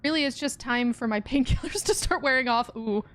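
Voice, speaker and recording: A woman's voice: sits high, brisk, fairly bright tone. A young woman streaming a puzzle game, chatting in a rambling way and laughing often. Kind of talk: casual let's-play chat.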